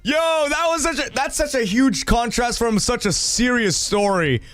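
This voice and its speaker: A young man hosting a stream, reading viewer stories aloud in a loud, excitable way, swearing and laughing. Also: very high-pitched, moderate pace, no echo. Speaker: streamer host.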